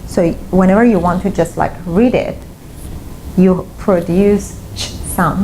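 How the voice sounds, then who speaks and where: A woman's voice: fairly low pitch, a little slow, dark tone, slight background noise, rough recording. A woman teaching an online English lesson, explaining step by step and repeating her examples. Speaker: English teacher and language school founder.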